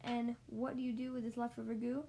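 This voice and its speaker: Woman as grumpy little old male storybook creature, snappish, reproachful, on the high side. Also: little pitch movement, a little fast, creaky, mellow, a little hiss or hum, rough recording. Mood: scolding. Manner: snappish, reproachful rhymed scolding.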